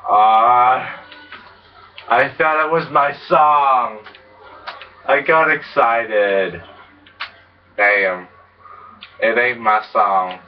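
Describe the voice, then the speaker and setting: A man's voice: very slow, long pauses, far from the mic. Crude rambling man, muffled off-mic. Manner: rambling, crude, laughing, swings into high excited yelps. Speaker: gameplay commentator. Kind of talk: casual game commentary.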